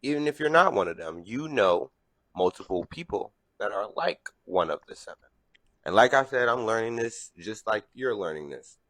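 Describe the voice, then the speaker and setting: A man's voice: on the low side, animated, normal speed, a bit bright, no room sound. A man giving an earnest, preachy monologue straight to his viewers. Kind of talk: direct-to-camera opinion monologue.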